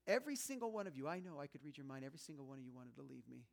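A man's voice: mid-range voice, sing-song, racing, vocal fry. A man voicing Jesus in a sermon retelling, talking to his disciples in a conversational, coaxing way and urging them over and over to remember. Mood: pleading, fond. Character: Jesus, earnest male teacher pleading with his disciples.

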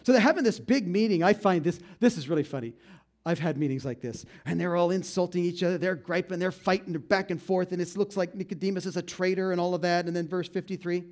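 A man preaching a sermon, retelling a story with lively, acted-out quotes and asides to the congregation. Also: high voice, fast talker. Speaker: pastor.

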